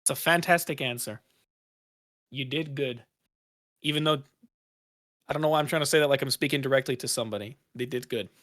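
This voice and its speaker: A man's voice: mid-range voice, a little fast, long pauses, a bit bright. A man hosting a casual podcast chat, asking questions in a rambling way with lots of fillers and restarts. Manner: rambling, self-correcting questions with frequent fillers. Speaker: podcast host.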